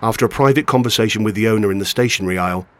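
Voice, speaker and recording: A man reading a story aloud in steady narration. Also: lowish voice, racing.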